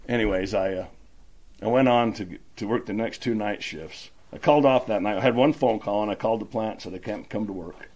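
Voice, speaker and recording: A man's voice: on the low side, fairly quick, a little mellow. A middle-aged man from Utah telling his recovery story at a meeting, rambling and acting out the dialogue. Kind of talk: personal recovery story, casual.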